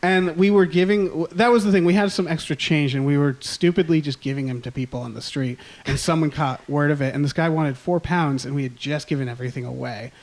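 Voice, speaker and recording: A man's voice: a little high, fairly quick. A man in his thirties telling rambling, self-mocking stories in a casual chat, laughing often. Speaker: podcast guest.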